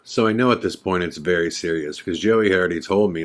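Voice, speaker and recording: A man's voice: sits low, fast, hardly any pauses. A man hosting a podcast, telling a story in a casual, conversational way full of fillers and quoted dialogue. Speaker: podcast host.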